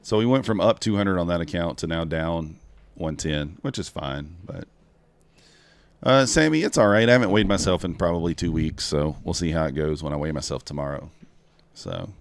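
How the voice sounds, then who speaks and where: Speaking at a moderate pace in a low, creaky voice, this man trades futures live and chats with his audience, explaining every move as he makes it.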